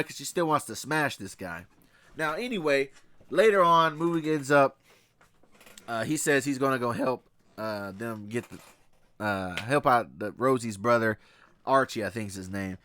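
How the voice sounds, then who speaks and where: A man's voice: mid-range voice, a little fast, fairly bright tone, no echo, clean studio sound. A man giving a blunt, profane film commentary in a casual way, mixing in readings from scripture. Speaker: movie reviewer.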